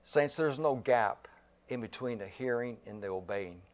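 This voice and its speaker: In a mid-range voice, a male pastor preaches a sermon slowly and emphatically. He repeats key phrases and clears his throat now and then.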